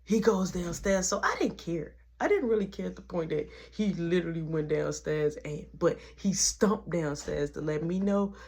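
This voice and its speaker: A woman's voice: fairly low pitch, moderate pace, few pauses. A woman telling a casual story in slangy talk, acting out the people in it. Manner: animated, slangy, acts out every voice.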